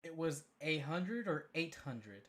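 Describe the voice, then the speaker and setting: Higher-voiced man teasing on a podcast. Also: very animated, slow, fairly bright tone. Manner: teasing, wisecracking. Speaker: podcast co-host. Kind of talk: casual profane podcast banter.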